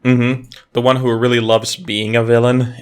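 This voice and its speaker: A man's voice: medium pitch, little pitch movement, normal speed, clear, resonant tone. A man co-hosting a casual podcast, speaking in a laid-back, agreeable way. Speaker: podcast co-host. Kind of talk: casual podcast chat about video games.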